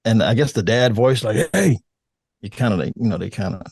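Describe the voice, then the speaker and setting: An older man with a somewhat low voice tells his stories in a relaxed, meandering way, laughing easily. The sound is dry and close, with no room around it. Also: quick pace, husky, no echo. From United States. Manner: relaxed, rambling, laughs often. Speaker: guest. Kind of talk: casual chat.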